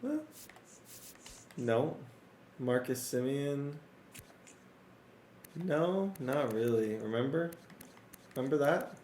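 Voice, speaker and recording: A man doing casual commentary on a sports video game, excitable and talking straight to his viewers, his voice strained and cracking. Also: medium pitch, slow pace, pauses often, reverberant, slight background noise. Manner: excitable, talks to viewers, rattles off player names. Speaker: gaming YouTuber.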